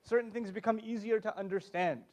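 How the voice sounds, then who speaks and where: High-voiced man giving a humorous lecture. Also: fairly quick. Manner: animated, joking, direct with the audience. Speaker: conference speaker.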